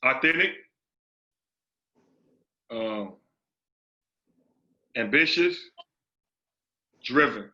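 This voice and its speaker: With a sharp, expressive, medium-pitched voice, an associate head basketball coach draws out his words and pauses often while answering interview questions. He's emphatic, repeats phrases and uses street slang; the recording is dull lo-fi.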